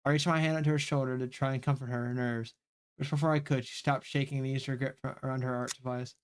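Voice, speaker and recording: A man's voice: mid-range voice, a little mellow, clear, resonant tone. A man streaming a story game live, reading aloud and reacting with frequent swearing.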